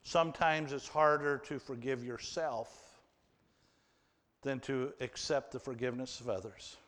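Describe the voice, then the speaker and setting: A man preaching a sermon and reading scripture aloud, slow and emphatic, with surges of intensity. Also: medium pitch, steady tone, fairly bright tone. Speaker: pastor. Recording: reverberant hall.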